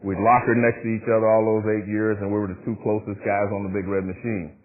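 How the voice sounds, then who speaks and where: A man's voice: fairly low pitch, flat delivery, fast talker. Earnest man recalling his broadcasts. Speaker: former player turned broadcaster. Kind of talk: panel storytelling. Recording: tinny phone-like sound.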